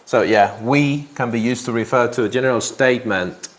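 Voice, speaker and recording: A man's voice: mid-range voice, moderate pace, a little hiss or hum. A man teaching an English grammar lesson to a class, who repeats key phrases and often checks in with "yeah?".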